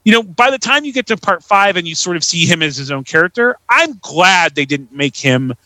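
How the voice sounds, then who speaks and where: A man co-hosting a podcast talks casually and rambles, with "like" and "uh" in nearly every phrase. His voice is bright and slightly high, and it is recorded close and dry. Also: expressive, a little fast, dry recording, poor audio. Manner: rambling, heavy with "like" and "uh" fillers. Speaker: podcast co-host. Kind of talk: casual chat.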